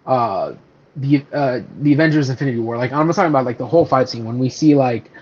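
A man co-hosting a casual podcast, chatting about movies in a loose, animated way. He laughs easily and swears offhand. The audio is a bit dull and lo-fi. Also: mid-range voice, quick pace, husky. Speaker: podcast co-host. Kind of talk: casual podcast chat about superhero films.

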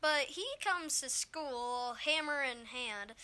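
Exasperated high-voiced young woman. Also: takes it slowly, bright, forceful tone, clean tone. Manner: rambling, exasperated, lots of fillers. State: slightly hoarse after illness. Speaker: vlogger. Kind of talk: storytime vlog.

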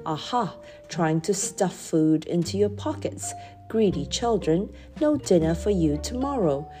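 A woman's voice: fairly low pitch, lively intonation, a little slow, mellow, faint music behind. A woman voicing a harsh, bullying male schoolmaster who barks orders and roars at children in a storybook reading. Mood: roaring. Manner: roaring, barking orders.

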